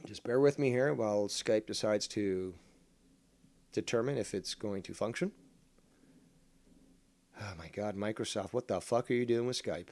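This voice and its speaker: A man's voice: on the low side, normal speed, long pauses, no room sound. Rambling sarcastic livestream host man. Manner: rambling, sarcastic, swears at software. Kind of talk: casual livestream chat.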